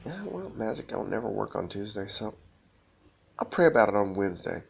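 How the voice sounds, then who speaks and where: Gravelly, husky man rambling to camera. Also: lowish voice, big pitch swings, brisk. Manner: disjointed, profane, breaks into laughter.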